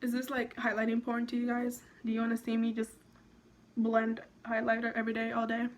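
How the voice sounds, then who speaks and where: A young woman vlogging at home, chatting excitedly and rambling through a makeup tutorial with lots of likes and ums. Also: on the high side, a little fast.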